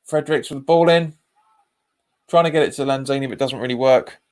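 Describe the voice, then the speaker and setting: A man's voice: mid-range voice, quick pace, darkish tone. A man hosts a live football watch-along. He chats casually, repeats his phrases and reads viewer comments aloud. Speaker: fan channel host.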